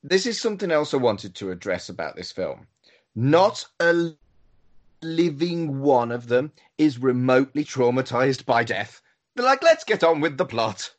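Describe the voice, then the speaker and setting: A man's voice: mid-range voice, very animated, a little slow. A man co-hosting a casual film chat, making wry, blunt comments. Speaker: podcast co-host.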